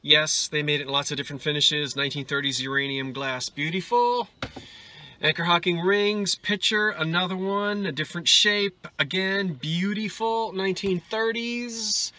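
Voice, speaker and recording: High, very bright man admiring glassware. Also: steady tone, normal speed. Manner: admiring, tells the dates of his finds. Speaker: antiques and vintage reseller. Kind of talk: casual thrifting vlog.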